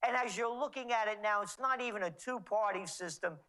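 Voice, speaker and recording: A woman's voice: mid-range voice, brisk, bright, forceful tone, low-quality recording. A woman commentator in heated political chat, sarcastic and mocking as she talks.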